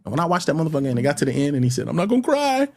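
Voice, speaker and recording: A man spins an anecdote in a husky, breathy voice, his pitch leaping wildly as he acts out each line of dialogue. He talks fast, swears freely and laughs often. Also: big pitch swings, a little mellow. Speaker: interview guest. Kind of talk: storytelling anecdote.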